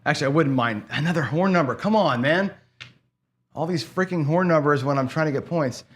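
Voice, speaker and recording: A man's voice: fairly high pitch, brisk, slight background noise. A man hosting a gambling channel, giving casual play-by-play commentary in a rambling, profane way, as if talking to himself. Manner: rambling, profane, talks to himself while playing.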